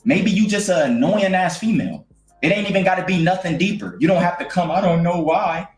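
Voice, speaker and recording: A man's voice: high-pitched, a little fast. Blunt, scolding man in a roomy echo. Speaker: streamer commentator. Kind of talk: casual streaming commentary. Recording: roomy echo with faint music.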